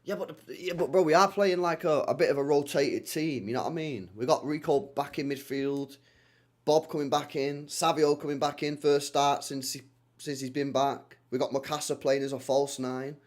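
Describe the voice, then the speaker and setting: A young man hosting a live football watchalong, reading chat and reacting in an animated, teasing way. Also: on the high side, moderate pace.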